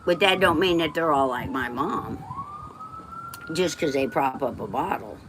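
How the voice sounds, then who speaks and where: A woman's voice: low-pitched, lively intonation, a little slow, background noise. A woman from West Texas, livestreaming and telling rambling personal stories in a blunt, emotional way, swearing freely and drifting off topic.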